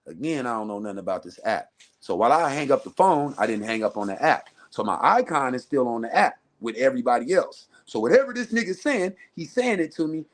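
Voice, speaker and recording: A man from Southern California, a guest telling a story in a casual, profane, animated way and acting out other people's voices. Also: mid-range voice. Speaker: interview guest.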